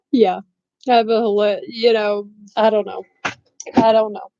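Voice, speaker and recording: A woman's voice: mid-range voice, level tone, a little slow, mellow, dry recording, dull audio. A middle-aged woman chatting casually on a live stream, blunt and rambling, laughing often and saying she has no filter. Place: bedroom at home.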